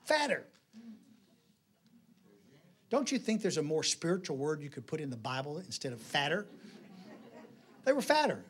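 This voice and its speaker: Joking high-voiced preacher man. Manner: folksy, joking, animated storytelling. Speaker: pastor. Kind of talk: sermon with jokes.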